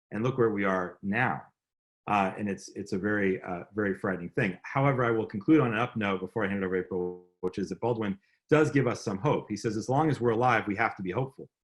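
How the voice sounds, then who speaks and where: A man, an author speaking earnestly over a video call, often adding "right?" and restarting his sentences. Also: on the low side. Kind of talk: lecture then conversation on video call.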